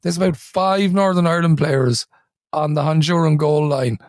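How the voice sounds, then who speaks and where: Slightly high-voiced chatty man, dry sound. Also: steady tone, normal speed, dry recording. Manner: chatty, laughs while telling it. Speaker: podcast co-host. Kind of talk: casual chat.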